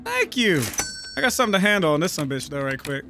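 A man giving loud, excitable, profanity-heavy commentary while playing a video game. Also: fairly high pitch, very fast, over music. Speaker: gaming YouTuber. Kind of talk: gameplay commentary.

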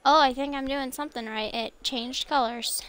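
A young woman talking casually to herself while playing a video game, chatty and quick to apologize and laugh. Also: sits high, fairly even intonation, a bit bright, slight background noise. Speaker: gameplay streamer.

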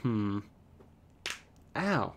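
A man's voice: fairly low pitch, big pitch swings, extremely slow, a little hiss or hum. A man doing casual let's play commentary, joking and irreverent and cursing freely as he plays. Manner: joking, irreverent, swears often. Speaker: gaming commentator.

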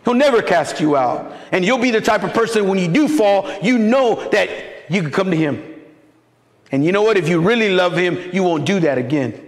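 A man, a pastor preaching a sermon in an animated, conversational way. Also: sits high, normal speed. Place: church sanctuary. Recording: echoey hall with long reverb.

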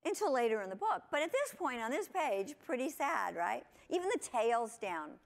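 A woman giving a lively conference talk to teachers, asking her audience lots of questions. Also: a little high, normal speed, vocal fry. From United States. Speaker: conference presenter. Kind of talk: lecture to teachers. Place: conference hall.

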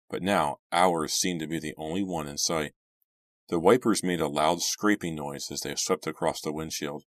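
A man narrating a horror novel as an audiobook, friendly and measured. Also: a bass voice, no room sound, clean studio sound. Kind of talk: reading a horror novel aloud.

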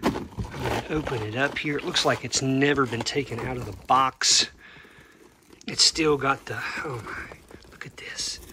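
A man vlogging as a reseller, unboxing items in excited, halting casual commentary that sometimes drops to a whisper. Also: medium pitch, background noise.

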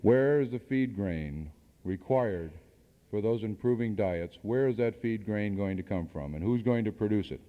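A man with a fairly low, expressive voice speaks at a normal pace to a seminar audience, driving his arguments home with rhetorical questions and an occasional dry remark. The recording is from a worn cassette, muffled and lo-fi, and a long reverb trails off the hall's walls.

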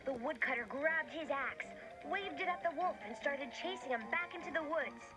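A woman giving expressive, scripted storybook narration. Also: high voice, normal speed, poor audio. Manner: expressive, lively. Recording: narration over music.

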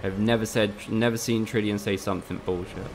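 Gravelly, low-voiced man streaming games. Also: fairly even intonation, a little fast, background noise. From Spain. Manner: chatty, swears freely, banters with chat. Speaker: game streamer. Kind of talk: casual live-stream commentary.

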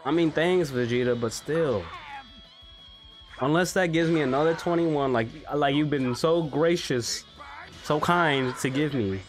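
An excitable young man talks through a mobile game with loose, profane commentary and frequent laughter. His voice sits a bit higher than most men's. Faint game music plays behind him. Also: unhurried. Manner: excitable, swears freely, laughs a lot. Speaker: gaming YouTuber. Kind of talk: casual gameplay commentary.

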